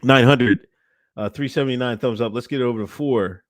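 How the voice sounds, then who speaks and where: A man's voice: medium pitch, brisk, no echo. A man co-hosting a casual podcast, cursing, laughing often and reading out viewer comments. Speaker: podcast co-host.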